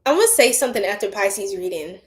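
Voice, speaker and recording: A woman's voice: mid-range voice, animated, quick pace. A woman giving a casual psychic tarot reading to her viewers, chatty and full of slang, often laughing.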